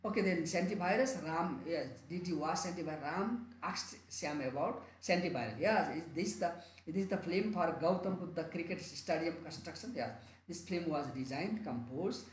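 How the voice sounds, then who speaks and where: A man's voice: fairly high pitch, lively intonation, moderate pace, slight background noise. A man with a Nepali accent teaching an English exam-prep lesson online, repeating and rephrasing his points often. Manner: repetitive, restarts and rephrases often. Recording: echoey room, faint ambience.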